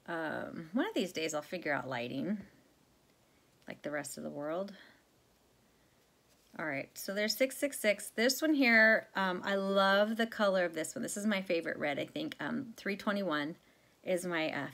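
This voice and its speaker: A rambling, chatty woman talks casually to her viewers, full of ums and restarts. Her voice sits a little low for a woman. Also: creaky, fairly bright tone. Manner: chatty, rambling, many fillers and self-corrections. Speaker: cross-stitch vlogger.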